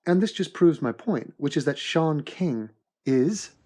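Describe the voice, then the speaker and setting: A man hosting an animated comedy commentary in a mock-serious, deadpan sarcastic manner. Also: a little high, unhurried. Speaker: host and narrator of an animated commentary.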